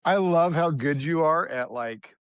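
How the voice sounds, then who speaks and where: A man's voice: on the high side, unhurried, a bit bright, clean tone, dry recording. Easygoing middle-aged man hosting. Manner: easygoing, upbeat, laughs along. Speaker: podcast host. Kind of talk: casual chat.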